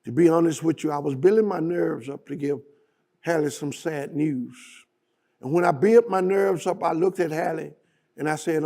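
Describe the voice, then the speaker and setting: A male guest speaker tells a story slowly and dramatically. His voice is gravelly and mellow, a little high for a man. He delivers it with deliberate weight. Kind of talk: storytelling speech.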